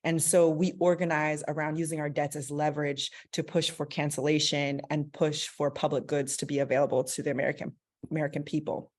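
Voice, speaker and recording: A woman hosting and moderating a panel discussion over a call, relaxed and friendly, with frequent fillers. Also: sits low, brisk. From Bay Area, US. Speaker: host, moderator.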